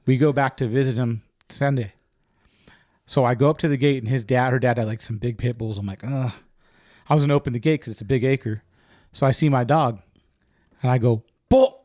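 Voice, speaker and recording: A man's voice: medium pitch, fairly quick, a little mellow, no room sound, studio quality. A man in his forties hosting a podcast, casual and swearing freely, often calling people dude. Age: 40s. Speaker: podcast host.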